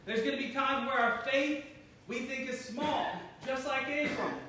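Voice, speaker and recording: A man's voice: extremely high pitch, unhurried, bright, forceful tone, far from the mic. A man preaching a sermon to his congregation, joking and teasing the people in front of him and laughing at himself. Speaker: pastor. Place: church hall. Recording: very echoey room, voice from afar, faint noise.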